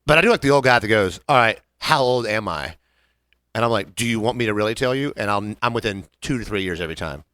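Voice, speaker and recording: Fast, animated man telling bar stories. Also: fairly low pitch, no room sound, studio quality. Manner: animated, fast-talking, acts out customers in quick voices. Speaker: podcast co-host, bartender. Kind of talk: casual chat.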